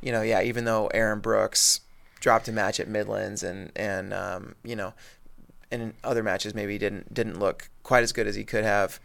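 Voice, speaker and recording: A man's voice: lowish voice, level tone, moderate pace, gravelly, a bit bright. A man co-hosting a casual sports podcast, talking in long rambling turns full of fillers. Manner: rambling, many fillers and restarts. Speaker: podcast co-host.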